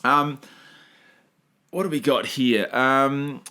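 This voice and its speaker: A man's voice: mid-range voice, slow pace, sharp tone. A man hosting a podcast, talking casually and rambling with many fillers and restarts. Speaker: podcast host.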